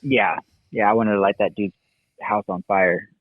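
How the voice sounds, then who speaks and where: Over a dry, tinny, phone-like line, the ex-motocross racer relaxes into his career story, rambling and peppering it with "dude" and "like." He speaks at normal speed in a voice on the low side, with no room sound.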